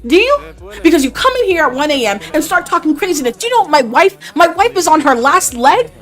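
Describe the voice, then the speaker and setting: A woman voicing an indignant, wealthy older father and grandfather who turns sarcastic and shouts in outrage. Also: fairly low pitch, brisk, faint music behind, natural voice. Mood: furious. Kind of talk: voicing game characters in a let's play.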